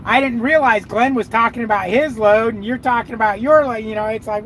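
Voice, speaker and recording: A man's voice: extremely high pitch, brisk, fairly bright tone, a little hiss or hum, low-quality recording. A man who drives trucks, chatting and cursing freely with viewers on a live stream from his cab. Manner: profane, rambling, talks to viewers and his dog. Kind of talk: casual live chat.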